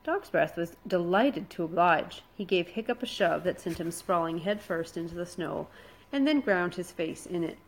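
A woman narrating a children's adventure storybook in a steady, expressive reading voice. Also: lowish voice, normal speed, rough recording.

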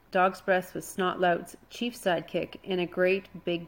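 A woman's voice: lowish voice, flat delivery, measured pace, few pauses, poor audio. Woman reading a storybook aloud. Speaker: narrator. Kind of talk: storybook narration.

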